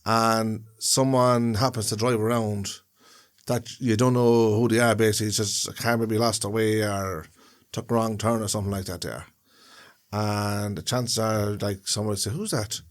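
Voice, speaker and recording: A man's voice: on the low side, steady tone, moderate pace. Man explaining at rambling length. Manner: rambling, explains with long examples. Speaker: podcast co-host. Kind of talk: casual chat.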